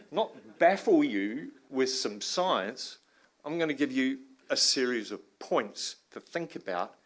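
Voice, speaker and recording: A man from New Zealand with an Australian accent, giving an informal, joking conference talk in a large room as a river science professor. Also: medium pitch. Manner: joking, informal, swears mildly, bursts into laughing loud asides.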